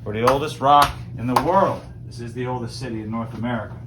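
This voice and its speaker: A man's voice: medium pitch, fast talker, background noise. A man with a Newfoundland accent leading a crowd through a joking screech-in ceremony, playful and teasing. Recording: distant mic with loud background.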